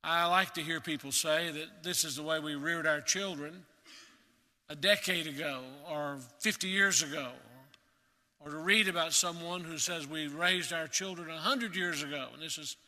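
A man preaching a sermon in a measured, emphatic way, repeating key words for weight. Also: fairly high pitch, fairly even intonation, sharp tone, long reverb tail.

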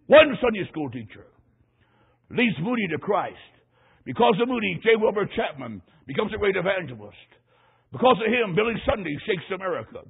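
A man's voice: sits high, very animated, moderate pace, gravelly, husky. A middle-aged male preacher delivering a sermon, telling a folksy story and repeating key phrases for emphasis. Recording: tinny lo-fi radio broadcast.

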